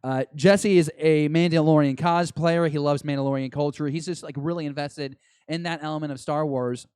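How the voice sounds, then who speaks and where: A man co-hosting a podcast, chatting excitedly and rambling as an eager fan. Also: a little high, normal speed, clean tone, dry recording, studio quality. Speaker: podcast co-host. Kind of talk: casual chat.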